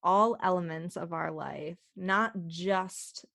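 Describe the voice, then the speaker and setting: A woman hosting a podcast interview, talking in a slow, thoughtful, agreeable way. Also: fairly low pitch, gravelly, fairly bright tone, no echo, studio quality. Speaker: podcast host. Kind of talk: casual interview.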